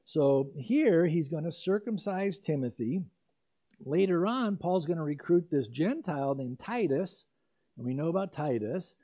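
A man's voice: fairly high pitch, animated, measured pace. An older man preaching an expository sermon as pastor, in a conversational way with asides and self-corrections. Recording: dull lo-fi recording.

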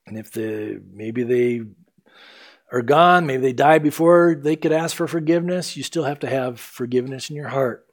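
Earnest preacher with sudden loud peaks. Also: male voice, medium pitch, normal speed. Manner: earnest preaching that swings between loud emphasis and hushed softness. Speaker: pastor. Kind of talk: sermon.

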